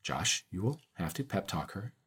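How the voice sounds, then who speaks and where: Male comedy host, lower register, teasing, mock-grand delivery. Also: big pitch swings, normal speed, a bit bright. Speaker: game show host. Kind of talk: comedic podcast hosting.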